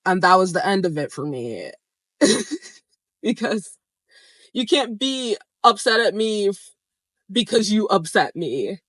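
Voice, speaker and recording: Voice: medium pitch, big pitch swings, slow, pauses often, a bit bright, no echo. A young adult vlogger telling a story in a casual, candid way, swearing freely and laughing now and then.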